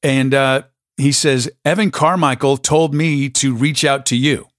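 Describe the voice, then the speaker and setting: A man's voice: medium pitch, measured pace, dry recording. Upbeat storytelling man, dry close sound. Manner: enthusiastic storyteller, animated. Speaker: podcast host. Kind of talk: casual conversation.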